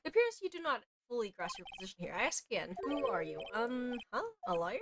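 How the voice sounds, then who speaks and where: A woman's voice: a little high, big pitch swings, fast, noisy background. A woman reading aloud for a smug, arrogant male villain in a game, in a pompous, condescending manner. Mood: haughty.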